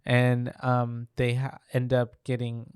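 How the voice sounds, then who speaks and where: A man's voice: mid-range voice, completely flat delivery, slow, a little mellow, clear, resonant tone, no room sound, clean studio sound. A man co-hosting a podcast, recapping a film in loose casual chat, swearing freely and filling gaps with "um" and "like".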